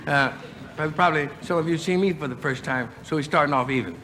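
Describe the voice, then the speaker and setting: A man telling preacher stories on stage in an easygoing, halting way with many pauses. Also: fairly high pitch, pushed and bright. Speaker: stand-up comedian. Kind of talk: live storytelling stand-up. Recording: noisy live club recording.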